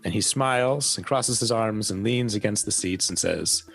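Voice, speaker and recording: A man narrating as game master of a tabletop game, relaxed and descriptive. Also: fairly low pitch, normal speed, creaky, soft background music.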